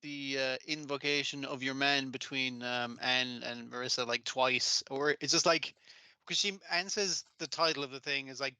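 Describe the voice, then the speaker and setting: A man's voice: medium pitch, little pitch movement, normal speed, pushed and bright, clear, resonant tone, no echo, rough recording. A man co-hosting an anime podcast, talking in a laid-back, sweary, jokey way. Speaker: podcast co-host. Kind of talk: casual chat about anime.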